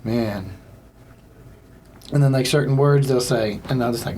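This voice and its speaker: A young man hosting his own comedy podcast, talking loosely and rambling with plenty of filler words. He is self-deprecating and offhand, in a medium-pitched voice, with a faint hiss in the background. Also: unhurried, pauses often, mellow. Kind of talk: casual solo podcast monologue.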